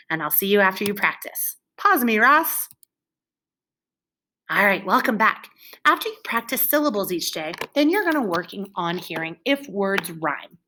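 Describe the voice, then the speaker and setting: Lively, encouraging teacher woman. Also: mid-range voice. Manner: bright, encouraging, exaggerated teacher voice. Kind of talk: recorded lesson for young children.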